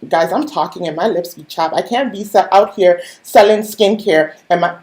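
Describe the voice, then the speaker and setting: A woman's voice: lowish voice, lively intonation, normal speed, few pauses, darkish tone. A woman coaching her viewers on a live stream in a chatty, playful way, talking straight to them and making asides. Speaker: online business coach. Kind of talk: casual live-stream teaching.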